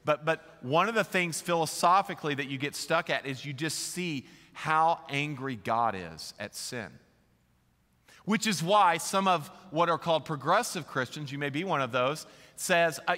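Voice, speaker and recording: A man's voice: fairly high pitch, animated, moderate pace, bright, forceful tone. A middle-aged male pastor preaching a sermon in a casual, conversational way, full of rhetorical questions. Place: large church hall. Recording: long hall reverb.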